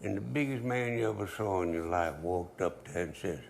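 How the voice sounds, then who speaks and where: Older man, a cooking host, low gravelly voice, joking and easygoing. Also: moderate pace. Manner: easygoing, joking, dialect grammar. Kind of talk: folksy cooking demonstration with storytelling.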